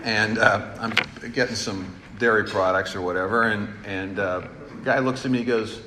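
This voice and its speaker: A man's voice: on the low side, steady tone, normal speed. A middle-aged man, a former governor, telling self-deprecating anecdotes in an informal speech to an audience in a large hall. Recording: echoey hall, room noise.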